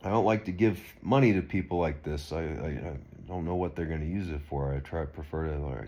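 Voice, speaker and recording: A man's voice: very deep voice, steady tone, fairly quick, warm tone, highs cut off, slight background noise. A man talking straight to camera in an unscripted monologue, rambling and earnest with frequent restarts. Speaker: video blogger.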